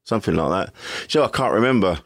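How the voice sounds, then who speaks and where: A middle-aged English comedian talking candidly as a guest, rambling and self-deprecating, often laughing. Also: male voice, lowish voice, lively intonation, fast, no room sound, studio quality. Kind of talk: candid casual chat.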